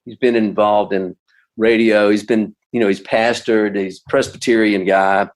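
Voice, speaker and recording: Older man, low-voiced rambling storyteller. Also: little pitch movement, normal speed, rough recording. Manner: rambling, with many restarts and asides. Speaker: musician and storyteller guest. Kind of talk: casual anecdote telling.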